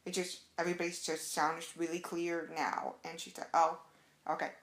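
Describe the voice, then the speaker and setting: A woman's voice: on the low side, normal speed. Woman, young adult, casual storytelling vlog, chatty, echoey room. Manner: chatty, excited, acts out quotes. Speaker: vlogger.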